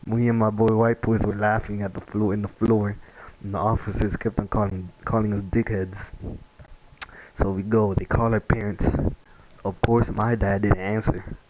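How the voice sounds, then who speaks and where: A man's voice: lowish voice, darkish tone, a little hiss or hum, poor audio. A young man telling a casual story-time tale, rambling with many fillers and restarts. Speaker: vlogger.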